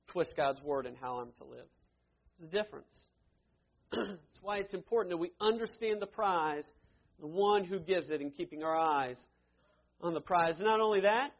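An earnest male preacher with a notably high voice delivers a sermon. He reads scripture in a measured, deliberate way, pressing on key phrases before explaining them plainly. The recording sounds dull and lo-fi. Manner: earnest, measured, reads verses slowly with emphasis.

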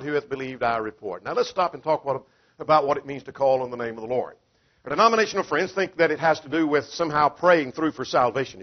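A man preaching an expository sermon, emphatic and driven by rhetorical questions, acting out the quoted voices. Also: a little high. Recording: dull lo-fi sound.

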